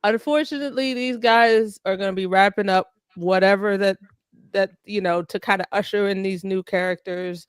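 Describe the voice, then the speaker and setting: A woman's voice: mid-range voice, steady tone, normal speed, clear, resonant tone, no echo, studio quality. A woman co-hosting a casual group chat, rambling and trailing off mid-thought.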